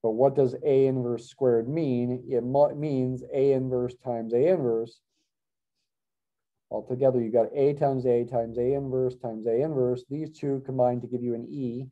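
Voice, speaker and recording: A man's voice: mid-range voice, fairly even intonation, measured pace, phone-quality sound. A middle-aged man teaching a college math class, thinking aloud with wry asides and self-corrections. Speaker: math professor. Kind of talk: classroom lecture.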